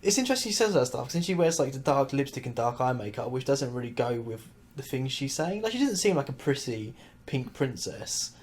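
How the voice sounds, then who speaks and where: A man hosting a casual chat, talking in a relaxed, giggly way with lots of fillers. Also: mid-range voice, brisk, a little hiss or hum. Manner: chatty, giggly, with many fillers. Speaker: host.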